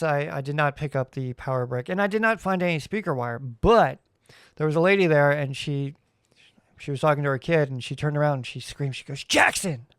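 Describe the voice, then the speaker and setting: A man's voice: fairly high pitch, fairly bright tone, smooth, no room sound, studio quality. A man hosting his own podcast, telling stories in a rambling, wry, casual way. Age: adult parent. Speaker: podcast host. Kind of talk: casual solo podcast chat.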